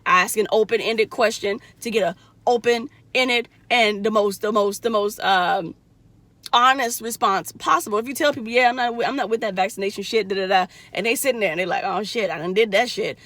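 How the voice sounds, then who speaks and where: A woman's voice: medium pitch, brisk, no room sound. A young adult woman casually telling her viewers a story, blunt and profane, acting out the voices in what was said. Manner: blunt, profane, animated retelling with quoted voices. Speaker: vlogger.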